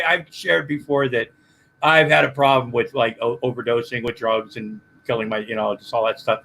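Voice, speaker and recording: A man's voice: mid-range voice, creaky, bright, forceful tone, low-quality recording. A man chatting as a guest, telling rambling, profane stories with lots of restarts. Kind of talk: casual podcast chat.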